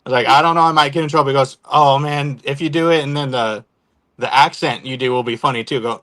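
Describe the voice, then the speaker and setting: A man's voice: mid-range voice, fast, a bit bright. A man from Oregon, a guest on a podcast, talking in an easygoing, laid-back casual chat. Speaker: guest, content creator.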